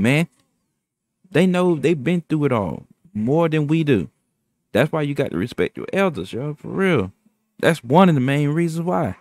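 An excitable male host reacting in loose, slangy speech. His voice rises and falls a lot and sits fairly high, recorded close and dry with no room sound. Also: normal speed, no room sound. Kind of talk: casual reaction commentary.

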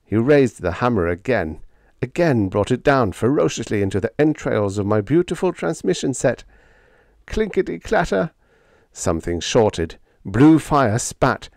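A man reading a humorous story aloud, with a lively, playful first-person telling. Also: mid-range voice, normal speed, no room sound, studio quality. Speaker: audiobook narrator.

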